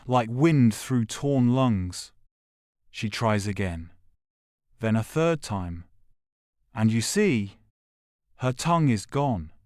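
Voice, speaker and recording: A man narrating a second-person audio drama in a grave, measured way, with short, clipped phrases. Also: mid-range voice, a little mellow, no echo, clean studio sound.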